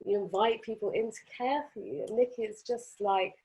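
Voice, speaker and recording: A woman, a podcast guest telling a personal story in an animated, expressive and self-mocking way. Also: mid-range voice, a little fast, husky. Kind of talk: conversational storytelling.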